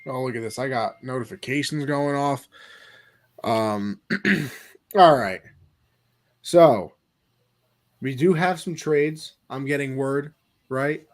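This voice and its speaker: A man's voice: medium pitch, slow, long pauses. A man hosting a casual online mock draft show as its commissioner. He talks in a playful, joking way and shifts into an announcer tone.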